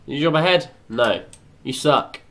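A young man doing excitable let's play commentary, chattering to himself and swearing often. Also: mid-range voice, moderate pace. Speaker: gaming channel host.

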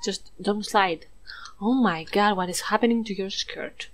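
A woman from Greece commentating a video game playthrough in a playful, jokey way, swearing, dropping to mock whispers and rising to excited squeals. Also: mid-range voice, unhurried. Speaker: gameplay streamer. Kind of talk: let's play commentary.

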